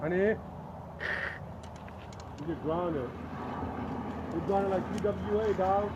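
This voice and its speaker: A playful, trash-talking father jokes his way through a fishing trip by a creek. His banter is loose and teasing, and he laughs often. The sound is a phone video taken outdoors with a steady hiss of background noise. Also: sits high, slow, long pauses. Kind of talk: casual joking banter.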